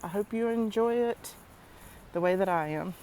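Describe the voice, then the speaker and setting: A woman talking casually to her phone camera as she walks a nature path, gushing slowly and softly about the scenery. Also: mid-range voice. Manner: slow, soft-spoken and effusive. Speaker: vlogger. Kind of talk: casual walking vlog.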